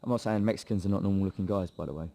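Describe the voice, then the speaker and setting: This guest's voice is deep, gravelly, and warm, delivered very fast with no echo. He's a young English MMA fighter with a Hertfordshire accent, bantering and swearing through a chatty account of how he started training and acting out what others said.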